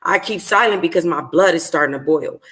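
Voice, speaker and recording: Brief: woman book-club reader, low-ish voice, casual and profane, fixes her own slips. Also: fairly quick, fairly bright tone. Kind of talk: casual read-aloud of a novel.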